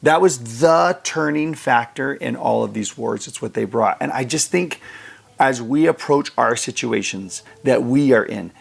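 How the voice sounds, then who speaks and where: A man with a very gravelly, husky voice talks earnestly about faith, driving his points home through repetition. He sounds like a co-host in a relaxed scripture study conversation. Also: mid-range voice, measured pace. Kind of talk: casual scripture discussion.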